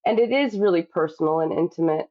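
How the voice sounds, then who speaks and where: A woman's voice: fairly low pitch, fast, highs cut off, faint music behind. A woman cookbook author talking reflectively in a podcast interview, with many you-knows.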